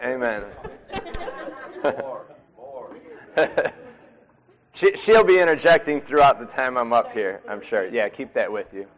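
A man's voice: mid-range voice, slow pace, long pauses, some chatter behind. Man preaching to his congregation. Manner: talks straight to the congregation, acting out voices. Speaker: pastor. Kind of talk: sermon.

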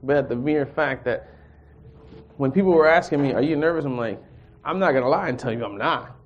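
A man giving a personal testimony and reading scripture at a church group, an animated storyteller who acts out the dialogue with chuckles. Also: medium pitch, fairly quick, highs cut off, slight background noise.

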